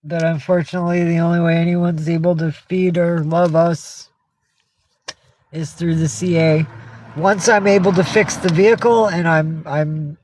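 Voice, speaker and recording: A woman's voice: fairly low pitch, fairly even intonation, moderate pace, a little mellow. A woman livestreaming in casual chat, teary and emotional, slipping into baby talk with her cat. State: tearful.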